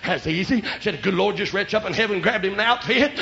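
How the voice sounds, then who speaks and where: A man preaching a revival sermon and telling his testimony, shouting in bursts, then dropping to quiet asides. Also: sits high, fast talker, creaky, few pauses. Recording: lo-fi church recording.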